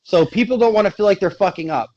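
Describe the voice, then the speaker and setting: A man's voice: high-pitched, fast talker, a little mellow, highs cut off. A man co-hosting a casual podcast, arguing bluntly and swearing a lot. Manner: blunt, profane, argumentative. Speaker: podcast co-host. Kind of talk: casual chat.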